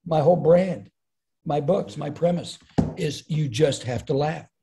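A middle-aged comedian and speaker, appearing as a podcast guest, tells stories in conversation. His fairly high voice has vocal fry and a measured pace, and he's animated, acting out the voices of the people he quotes.

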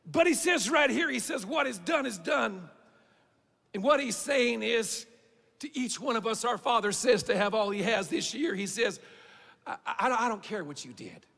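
A male pastor preaching a fervent sermon, shouting out lines and then dropping low. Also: a little slow, vocal fry, big-room sound. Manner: fervent preaching, swings between shouting and quiet. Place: church sanctuary.

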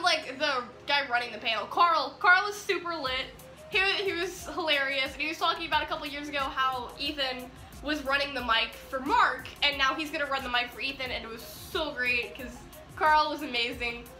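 A teenage girl excitedly retelling a story in a vlog, acting out the dialogue as she goes. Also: sits high, normal speed. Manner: bubbly, animated retelling with quoted dialogue. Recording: echoey room with faint music.

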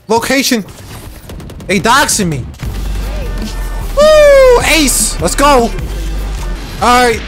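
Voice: mid-range voice, a bit bright. Hyped gamer whooping through a match. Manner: hyped, whooping, trash-talking. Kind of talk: live gameplay commentary. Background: faint game music and gunfire.

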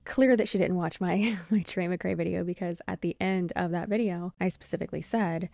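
A young adult woman hosting a commentary vlog, answering criticism in a measured, pointed way. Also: fairly low pitch, fairly even intonation, vocal fry, darkish tone, dry recording. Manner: measured, pointed rebuttal with occasional dry laughs. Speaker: YouTube commentary host.

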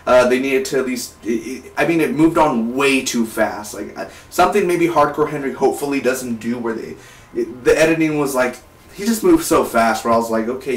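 A young man in his twenties talking casually through a film review, rambling and often restarting his sentences. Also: medium pitch. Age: 20s. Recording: roomy, distant from the mic.

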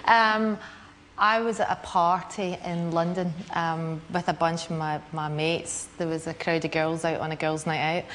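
A Scottish woman telling a lively anecdote as a guest on a chat show. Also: low-pitched, moderate pace, slight background noise. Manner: lively storytelling, laughing between lines.

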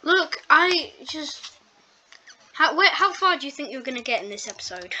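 Woman friend co-commentating, a bit high-pitched, teasing, noisy recording. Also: very animated, normal speed. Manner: teasing, wisecracking. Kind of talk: casual chat. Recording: clear background noise.

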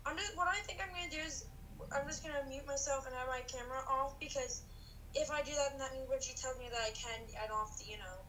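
A chatty woman on a call with a friend, talking quickly in a high voice. Faint background noise sits under her voice. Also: pushed and bright, rough recording. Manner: chatty, says "dude" a lot. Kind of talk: casual chat.

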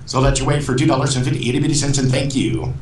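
A man guesting on a live talk show as a professional auctioneer, chatting easily with dry humor and breaking into a rapid auction chant. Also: mid-range voice, lively intonation, a little mellow. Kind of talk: casual interview chat with auction chant. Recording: roomy sound, distant mic, faint noise.

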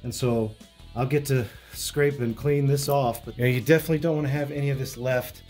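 Regular-pitched guy walking you through a repair, laid back, lots of uh and um. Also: a little fast, faint music behind. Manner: relaxed, explanatory, with frequent fillers and restarts. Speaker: retro electronics repair host. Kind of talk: casual hands-on repair walkthrough.

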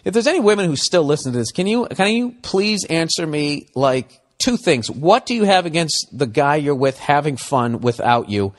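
A man's voice: on the high side, very animated, moderate pace, hardly any pauses. A man hosting a podcast, ranting in a profane, exasperated comedic style and acting out both sides of arguments. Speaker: podcast host. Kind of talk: comedic rant.

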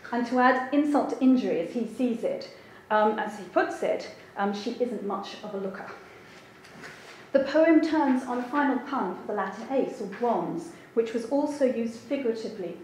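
Woman, academic lecture, higher voice, heavy room echo, faint hiss, thoughtful, hedging ums. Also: darkish tone. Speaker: translator giving a seminar talk.

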